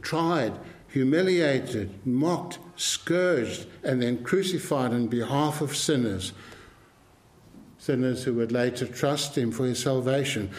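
A man preaching a sermon in an earnest, emphatic way, repeating his key phrases for weight. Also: medium pitch.

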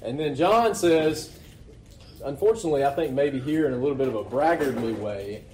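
A man's voice: medium pitch, lively intonation, brisk, a little mellow, a little hiss or hum. A man preaching a sermon in a loose, conversational way, often asking rhetorical questions. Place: church meeting hall. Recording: echoey hall recording.

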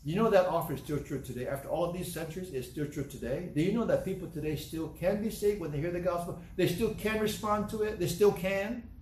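Guy preaching, kinda high voice, punches words and repeats himself, echoey hall with faint room hum. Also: fast talker, few pauses, darkish tone. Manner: emphatic, repeats phrases, rhetorical questions. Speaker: pastor. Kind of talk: sermon.

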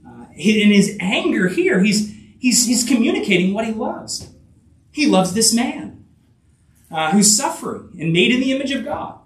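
A man preaching in a church sanctuary, his voice sitting high and swinging widely as he builds to emphatic peaks. He talks earnestly, with many fillers, restarts and rhetorical asides. The sound is roomy and echoey, picked up from some distance. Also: sing-song, moderate pace. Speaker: pastor. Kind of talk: sermon.

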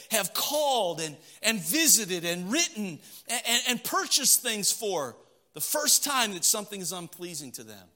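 High, bright-voiced pastor preaching. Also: male voice. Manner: storytelling, swings from loud and emphatic to low and quiet. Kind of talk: sermon. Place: church sanctuary.

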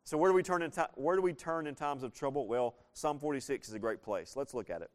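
A middle-aged man, preaching a sermon in an easygoing storytelling way and slowing down to stress key phrases. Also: medium pitch. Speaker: pastor.

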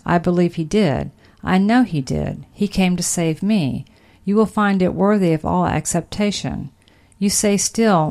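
A woman reading an old sermon aloud in a solemn, measured way. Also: lowish voice, a little mellow. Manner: solemn, measured, archaic phrasing. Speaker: sermon reader.

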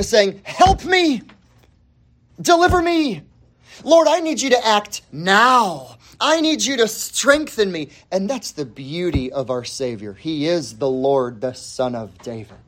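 A man preaching a sermon as pastor, emphatic, repeating key words and swinging between loud and hushed delivery. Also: a little high.

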